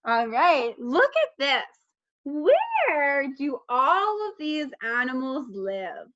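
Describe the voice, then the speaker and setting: A woman teaching young children, speaking slowly with an exaggerated, encouraging sing-song manner and praising often. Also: high-pitched, huge pitch swings, fairly bright tone. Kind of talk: child-directed lesson. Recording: dull lo-fi recording.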